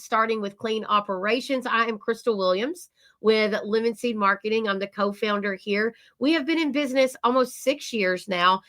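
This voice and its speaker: A woman's voice: a little high, a bit bright. A middle-aged woman hosting a webinar conversation in an upbeat, enthusiastic way. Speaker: webinar host.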